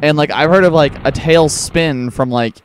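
A man's voice: fairly high pitch, moderate pace, a little hiss or hum. A young man hosting a let's-play, rambling through casual gameplay commentary with lots of filler words. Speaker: gaming channel host.

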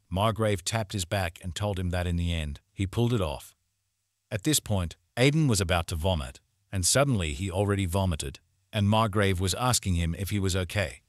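A man's voice: deep voice, dry recording, clean studio sound. A man narrating a story recap, retelling events in plain reported speech.

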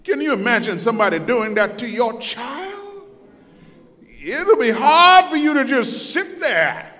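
A high-pitched, lively male preacher delivers a slow, theatrical sermon in a big reverberant church. He acts out the people in his story and swings from booming intensity to hushed asides. His voice is bright and cutting. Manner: swings from loud to soft. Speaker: pastor. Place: church sanctuary. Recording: long hall reverb.

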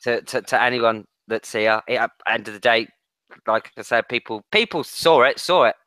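A podcast co-host on a late-night football show talks casually, blunt and sweary, often restarting his sentences. His mid-range voice has a bright, forceful tone at a moderate pace, with no room sound.

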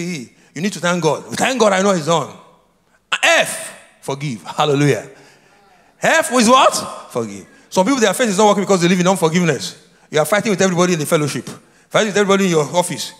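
A pastor delivers a call-and-response sermon in a church sanctuary, his high voice swinging widely in pitch as he calls out questions for the congregation to answer. He repeats key phrases again and again. The slightly bright recording carries a long church-hall reverb.

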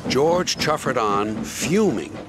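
A man narrating a children's storybook tale in an expressive, scripted way. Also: medium pitch, takes it slowly. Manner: expressive, lively delivery. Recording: loud music under the voice.

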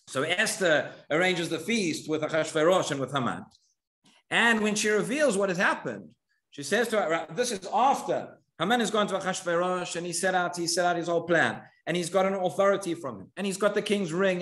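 Male rabbi, teaching tone, animated storyteller; bright, swooping delivery; reverberant synagogue sound. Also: high-pitched. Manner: animated storytelling, voices the characters' questions. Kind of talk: Torah class. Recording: echoey synagogue room.

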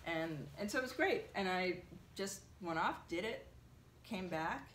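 A woman being interviewed, telling an animated story with lots of fillers. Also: lowish voice, a little slow, echoey room, a little hiss or hum. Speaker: translator, interviewee. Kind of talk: conversational interview.

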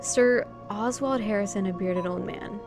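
A woman's voice: mid-range voice, measured pace. A woman playing a horror adventure game, reading its text and dialogue aloud in her own voice and adding dry joking asides, on a studio mic. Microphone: studio condenser mic. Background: game music.

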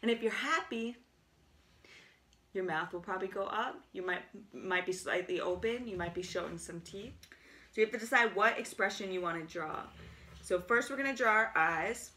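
A woman teaching a children's art lesson, explaining each step gently and praising as she goes. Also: mid-range voice, brisk.

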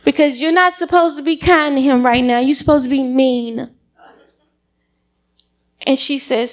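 A middle-aged woman giving an animated, dramatic personal testimony at church. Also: high-pitched, measured pace, long pauses. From United States.

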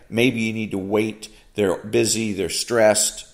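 A man with a lowish voice talks through his thoughts in solo commentary, pausing often and restarting his sentences. He reads a passage, then stops to push back on it in a plain, conversational way. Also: flat delivery, vocal fry. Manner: unhurried, halting, many fillers and restarts. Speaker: podcast host. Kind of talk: solo commentary reading and reacting to a quote.

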